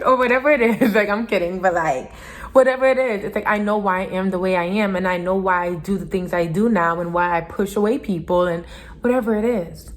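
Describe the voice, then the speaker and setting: A woman's voice: mid-range voice, fairly quick. A young adult woman giving an earnest, casual motivational talk to camera as a vlogger, repeating her points for emphasis. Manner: earnest, repetitive, emphatic with little laughs.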